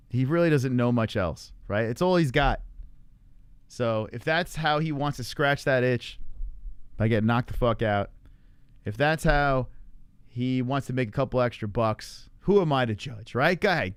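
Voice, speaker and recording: Man, live-stream host, casual fight chat, loose and profane, smooth clear voice, dry close mic. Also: mid-range voice, dry recording. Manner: loose, profane, rambling with frequent fillers. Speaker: livestream MMA show host. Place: home in Arizona.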